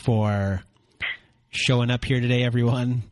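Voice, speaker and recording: A man hosting a podcast, thanking his guest in a halting, rambling way. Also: mid-range voice, steady tone, darkish tone, no room sound, clean studio sound. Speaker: podcast host.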